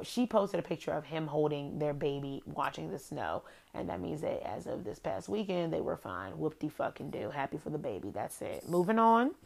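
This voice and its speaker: A woman's voice: low voice, gravelly. A woman hosting a casual recap podcast, profane and sassy, ranting animatedly about reality TV. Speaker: podcast host.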